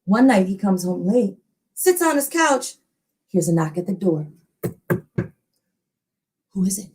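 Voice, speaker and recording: A woman telling a ghost story in an expressive, animated storytelling style. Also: medium pitch, unhurried. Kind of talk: dramatic oral storytelling.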